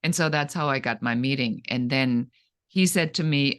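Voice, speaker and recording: Animated storytelling businesswoman. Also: very deep voice, moderate pace. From Germany. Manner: animated, dramatic storytelling with acted-out quotes. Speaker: guest, entrepreneur. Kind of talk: storytelling in an interview.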